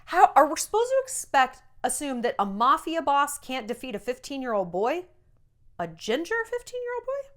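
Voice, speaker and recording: Animated blunt woman dishing celebrity gossip. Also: high-pitched, normal speed, hardly any pauses. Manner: blunt, animated, swings into mocking quoted voices. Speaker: vlogger and former entertainment journalist. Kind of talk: casual celebrity gossip monologue.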